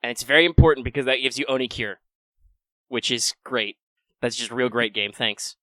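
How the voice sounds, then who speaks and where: A man hosting a casual live-streamed game podcast, chatty and quick through sponsor reads. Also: medium pitch, sharp tone, dry recording. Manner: chatty, fast patron list reading. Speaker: podcast host.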